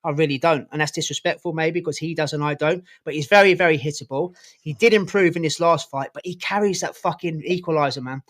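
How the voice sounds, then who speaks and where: A man co-hosting a sports podcast, his voice on the higher side and his talk quick. He gives blunt opinions with casual swearing, the way someone chats with a mate. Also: fairly bright tone. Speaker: podcast co-host.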